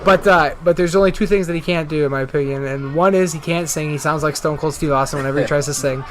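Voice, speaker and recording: A man's voice: fairly high pitch, steady tone, quick pace, slight background noise. A middle-aged man telling profane, joking stories in a casual podcast chat. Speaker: wrestler.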